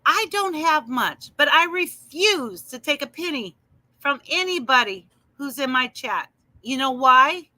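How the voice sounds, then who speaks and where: A woman's voice: sits high, animated, unhurried, sharp tone, no room sound. A woman talking casually on a livestream, answering viewers in her chat by name with emphatic, heated remarks.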